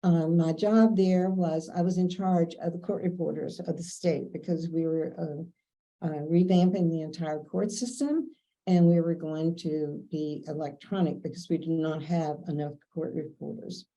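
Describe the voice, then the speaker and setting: Older kentucky lady telling stories, low pitch, super warm dark tone. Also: moderate pace, low-quality recording. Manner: chatty, anecdotal, quotes others in dialogue. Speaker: interviewee. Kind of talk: casual storytelling.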